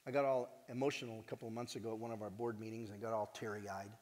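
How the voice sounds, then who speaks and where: A man giving a heartfelt conference talk as the organization's director, earnest and animated, joking with the audience now and then. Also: on the low side, fast. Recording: long hall reverb.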